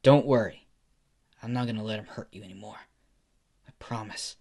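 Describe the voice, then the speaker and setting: A man's voice: lowish voice, moderate pace, creaky, dark tone. A man voicing a protective teenage boy hero in a fan story, speaking with strained, breathless defiance. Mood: reassuring.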